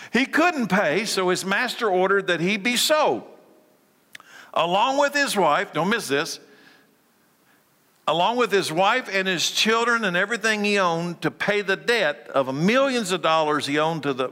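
A male preacher delivers a sermon in a large hall, his slightly high voice swooping up and down with lots of movement. He hammers key words and throws questions at his listeners, and a long reverb trails after each phrase. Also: bright, forceful tone. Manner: emphatic, repeats key words, asks the audience questions. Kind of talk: animated sermon.

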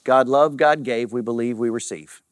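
A man's voice: moderate pace, dry recording. A man preaching a sermon in a church, leading the congregation in call-and-response and repeating key lines for emphasis. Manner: swings from loud and high to low and quiet, repeats lines for emphasis. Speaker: pastor. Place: church sanctuary.

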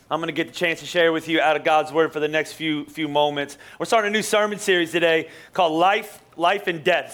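A man preaching a live sermon as pastor in a church, jokey and energetic, teasing his congregation. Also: a little high. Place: church auditorium.

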